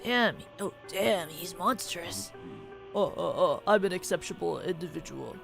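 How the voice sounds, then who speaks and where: A young woman streaming a game and reacting live, swearing often and breaking into sudden loud outbursts. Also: on the low side, expressive, a little slow, gravelly, soft background music. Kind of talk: live gameplay commentary.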